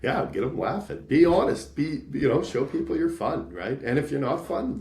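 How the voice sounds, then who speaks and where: Lively storytelling man, echoey room. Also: mid-range voice, moderate pace, hardly any pauses. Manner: animated, acts out quoted voices. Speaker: podcast guest, sales leader. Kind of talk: casual interview storytelling.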